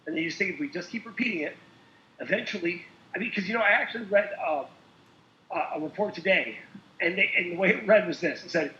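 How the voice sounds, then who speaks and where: A man co-hosting a casual political talk show, animated and laughing often. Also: high-pitched, fast, slight background noise. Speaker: co-host. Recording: echoey lo-fi call audio.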